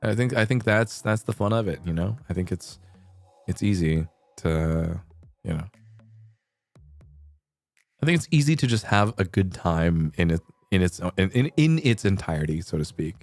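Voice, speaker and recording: A man's voice: sits low, lively intonation, normal speed, pauses often, a little mellow, soft background music. Rambling young man on a stream. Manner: rambling, restarts often, swears casually. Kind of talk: casual late-night stream chat.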